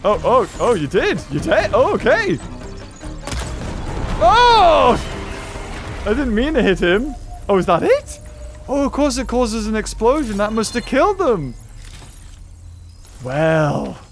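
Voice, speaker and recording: A man giving excitable let's-play commentary, chatting to enemies with yelps and laughs. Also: very high-pitched, normal speed. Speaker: gameplay commentator. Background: game music.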